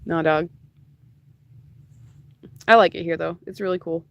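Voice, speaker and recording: A woman's voice: lowish voice, steady tone, unhurried, gravelly, dull audio. A young woman streaming while she crafts, rambling and joking with her chat and laughing often, at home. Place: at home, moving furniture.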